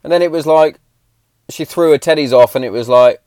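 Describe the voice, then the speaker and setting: A man's voice: on the high side, a little fast, darkish tone, clean tone, no echo, clean studio sound. A man, hosting a casual podcast in a blunt, sweary, heated way. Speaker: podcast host.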